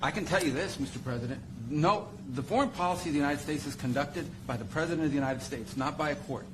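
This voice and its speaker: A man's voice: fairly high pitch, quick pace, background noise. A man, a government official, giving a firm and emphatic formal statement to the press.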